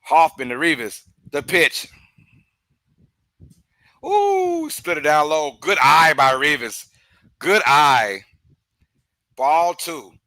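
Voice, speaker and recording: Excitable bright-voiced man calling a game. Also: slow, long pauses, no echo, rough recording. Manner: excitable, breaks into loud outbursts and laughter; chatty, drifts into side talk between pitches. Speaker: host of a live game watch-along stream. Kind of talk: casual live play-by-play commentary.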